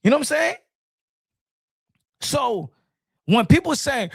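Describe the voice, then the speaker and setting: A middle-aged man hosting a casual boxing talk show, animated and repetitive, talking straight to his viewers in the chat. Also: very high voice, slow, gravelly, long pauses, slightly rough, dry recording, studio quality. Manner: animated, repeats himself, addresses folks in the chat.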